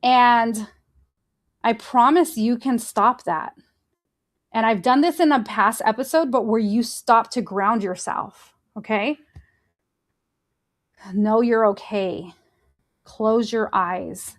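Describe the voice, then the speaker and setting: A woman hosting a faith-based motivational podcast, talking earnestly and encouragingly straight to her listeners and gently guiding them through breathing exercises. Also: fairly high pitch, takes it slowly, long pauses. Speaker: podcast host.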